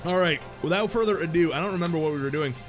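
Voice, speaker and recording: Brief: male game streamer, casual let's-play commentary, rambling and jokey, high animated voice, faint music behind. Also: very fast. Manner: rambling, self-deprecating, jokey.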